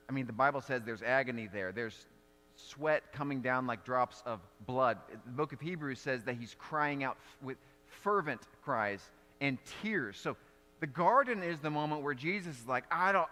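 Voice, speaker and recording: A man's voice: medium pitch, bright, forceful tone, big-room sound. A male pastor giving a sermon in an earnest, conversational way, restarting phrases often.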